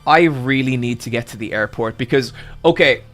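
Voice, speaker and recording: A man streaming live and telling a long, exasperated anecdote to his chat, swearing freely and getting loud at the punchlines. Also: mid-range voice, moderate pace, faint music behind. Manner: profane, exasperated, building to loud outbursts. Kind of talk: animated storytelling to a live chat.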